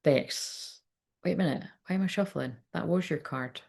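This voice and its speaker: A chatty woman with a gravelly, creaky edge to her voice, talking in a loose, rambling way. She works as a medium giving a live reading, laughs easily and swears without a second thought. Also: fairly low pitch, normal speed, darkish tone. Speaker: psychic medium. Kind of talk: casual live reading chat.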